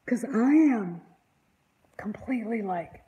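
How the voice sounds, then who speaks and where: A woman's voice: a little high, expressive, takes it slowly, mellow, muffled recording. A woman hosting an online channel, rambling in casual panel chat with an exasperated, indignant tone.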